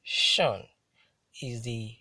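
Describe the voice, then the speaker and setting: A man gives a classroom lesson on word stress, talking slowly and deliberately and moving from point to point. His voice is a little husky, and the recording sounds dry and close. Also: mid-range voice, pushed and bright, no room sound. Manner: deliberate, repeats "now" to move on. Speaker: English teacher.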